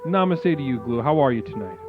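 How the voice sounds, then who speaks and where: In a mid-range, animated voice at a fairly quick clip, a man hosts a comedic new-age call-in stream using a soothing spiritual-guru patter. The recording is phone-like and lo-fi, with faint music.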